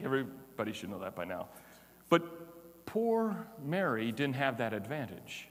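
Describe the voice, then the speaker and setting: A man's voice: mid-range voice, very animated, normal speed. Impassioned male pastor in a reverberant hall. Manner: swings from hushed tender lines to loud emphatic declarations. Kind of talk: sermon.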